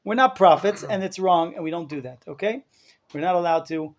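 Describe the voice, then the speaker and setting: Man, rabbi, live class lecture, high voice, emphatic, rhetorical questions, Hebrew terms. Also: brisk. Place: study hall class with listeners.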